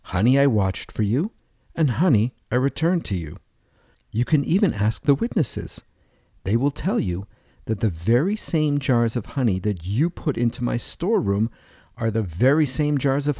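A man's voice: medium pitch, big pitch swings, moderate pace, warm tone, husky, no echo, studio quality. A man doing a smug, scheming neighbor.

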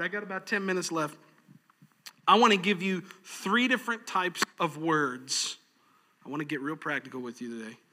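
A man's voice: high-pitched, sharp tone, long reverb tail. A man preaching a sermon in a folksy, practical way, chuckling often. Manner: folksy, practical, laughs easily. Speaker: pastor.

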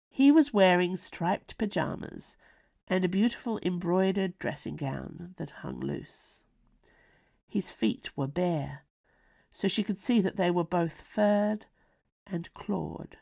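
Woman narrating with a gravelly edge. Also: lowish voice, slow pace. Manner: expressive, lively storytelling. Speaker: author reading her own novella. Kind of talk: scripted narration.

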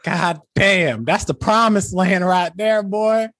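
A man's voice: sits high, slow pace, a bit bright, slight background noise. A man playing a crude, brash Southern character who swears and spouts folksy nonsense sayings. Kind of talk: improvised comedy character.

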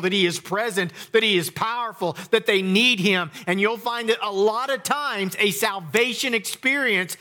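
Emphatic preaching man, high bright voice. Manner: preachy, emphatic with dramatic pauses and quiet drops. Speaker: pastor. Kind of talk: sermon.

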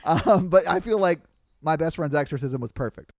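Young male podcaster, slightly high, dry close sound, animated storyteller. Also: slow, no room sound. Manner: animated storyteller, laughs often, yells in punchlines. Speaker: podcast host, guest. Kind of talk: casual chat.

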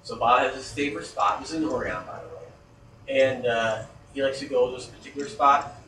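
A man's voice: mid-range voice, brisk, sharp tone, slight background noise. A man telling a story in a casual, profane way, acting out scared reactions as he goes. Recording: echoey room heard from a distance.

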